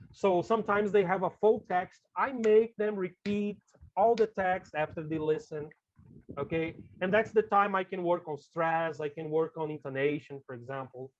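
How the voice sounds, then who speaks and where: Chatty Brazilian-accented man, muffled call audio. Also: high-pitched. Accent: Brazilian Portuguese. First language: Portuguese. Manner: chatty, tags lines with "okay?" and "right?". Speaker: English teacher giving a teacher-training talk. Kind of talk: casual workshop talk to colleagues.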